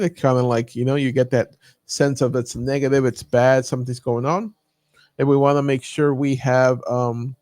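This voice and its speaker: A man's voice: medium pitch, darkish tone, dry recording. Casual man coaching over a dry mic. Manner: casual, thinking aloud with many fillers. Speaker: YouTube coach. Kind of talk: live screen-share training.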